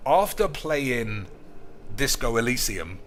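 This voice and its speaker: A man's voice: mid-range voice, big pitch swings, takes it slowly, a bit bright, a little hiss or hum. A man giving casual, crude, rambling commentary while streaming a card game, swearing freely and calling his viewers boys.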